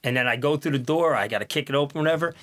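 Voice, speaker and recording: A man's voice: mid-range voice, racing, a bit bright. A man in his fifties, a former officer, telling profane and rambling stories with lots of laughter in a casual podcast chat. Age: 50s.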